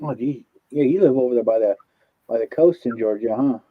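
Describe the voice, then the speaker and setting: Rambling California man, dull mic. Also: mid-range voice. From Southern California. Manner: rambling, halting storytelling. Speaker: streamer. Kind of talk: casual chat.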